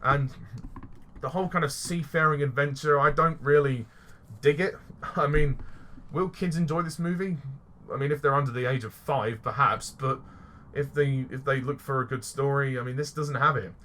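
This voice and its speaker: A man's voice: medium pitch, normal speed, bright, forceful tone, a little hiss or hum. A man giving an exasperated, ranting film review, swearing and often stumbling and restarting his sentences. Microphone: voice-only recording.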